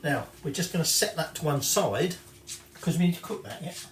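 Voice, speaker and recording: A man talks through a recipe in a loose, chatty way, drifting off track, correcting himself and swearing in passing. His voice sits a little high for a man. The sound is roomy and echoey, with dishes and cutlery clattering clearly behind him. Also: brisk, very noisy. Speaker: home cook presenting a recipe. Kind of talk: casual cooking demonstration. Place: home kitchen.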